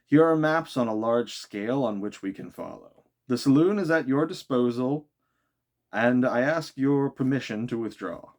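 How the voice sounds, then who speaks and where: A man's voice: mid-range voice, a little mellow, lightly acted. Man doing Captain Nemo, cool and formal. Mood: reserved. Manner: formal and measured. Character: cool reserved male submarine captain.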